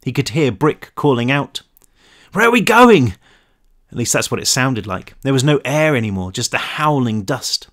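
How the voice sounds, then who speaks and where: A man reads his own action novel aloud, leaning into the tension of each scene. His voice sits at an ordinary male pitch, and his delivery is expressive and storytelling-driven. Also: normal speed, few pauses. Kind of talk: dramatic audiobook narration.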